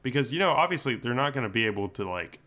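A man's voice: mid-range voice, animated, fast talker, sharp tone. A young man with a Southern accent, telling history in a rambling, casual way as a podcast co-host. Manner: rambling, laid-back storytelling with fillers.

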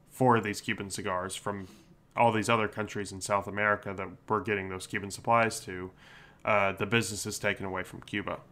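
A man's voice: lowish voice, sharp tone. A young man with a Southern accent, telling history in a rambling, casual way as a podcast co-host. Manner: rambling, laid-back storytelling with fillers.

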